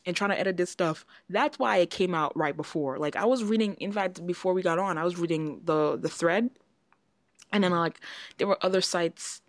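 A woman co-hosting a casual podcast, telling a long story with lively acted-out quotes. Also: lowish voice, normal speed, dry recording. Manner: animated storyteller, acts out quotes. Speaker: podcast co-host. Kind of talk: casual chat.

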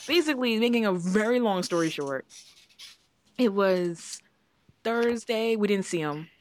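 A woman co-hosting a casual podcast, telling a long story with lively acted-out quotes. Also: mid-range voice, unhurried. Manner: animated storyteller, acts out quotes. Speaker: podcast co-host. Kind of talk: casual chat.

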